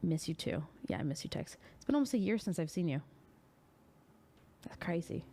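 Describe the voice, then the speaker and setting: A woman's voice: fairly low pitch, sing-song, moderate pace, long pauses, warm tone, a little hiss or hum. A woman streamer chatting casually and jokingly with her live chat and reading out their messages into a desktop mic.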